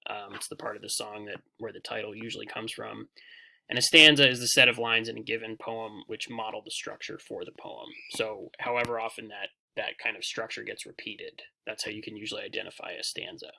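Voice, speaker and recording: A young man teaches a poetry lesson over slides, his very bright voice carrying a gravelly rasp. He explains loosely, circling back with fillers and restarts as he goes. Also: fairly low pitch, steady tone, brisk, slight background noise.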